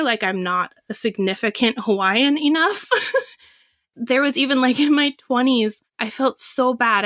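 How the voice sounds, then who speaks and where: A woman's voice: fairly high pitch, dry recording, clean studio sound. A woman in her thirties from Washington State, a podcast guest telling personal stories, acting out what people said and laughing often. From Washington State, USA. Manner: lively, acts out quoted voices, laughs often. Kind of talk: candid personal storytelling.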